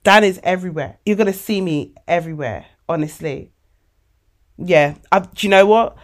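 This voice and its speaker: A woman of forty, hosting a casual motivational podcast monologue, animated and emotional, calling her listeners babes. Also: on the low side, moderate pace. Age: 40s. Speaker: podcast host.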